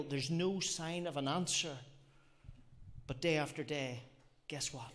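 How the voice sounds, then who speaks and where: A man's voice: fairly high pitch, unhurried, pauses often, fairly bright tone. A man preaching a sermon, earnest and reflective, often repeating phrases and asking rhetorical questions. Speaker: lay preacher.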